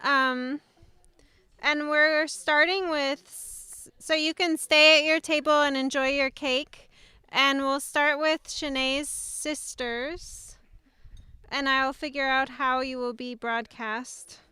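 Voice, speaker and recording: A woman's voice: sits high, steady tone, slow pace, bright, forceful tone, no room sound. A woman hosting a wedding reception, casually announcing the speeches. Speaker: event host.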